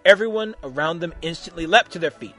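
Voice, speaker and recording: A man's voice: on the high side, quick pace, a bit bright. Wry male storyteller, faint music. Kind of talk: fan-fiction reading.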